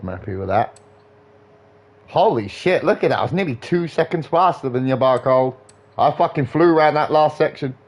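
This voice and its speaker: A woman's voice: rumbling low, animated, moderate pace, a little mellow. A woman livestreaming a racing game, giving casual commentary with teasing banter and free swearing. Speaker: gaming livestreamer. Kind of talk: casual live gaming commentary.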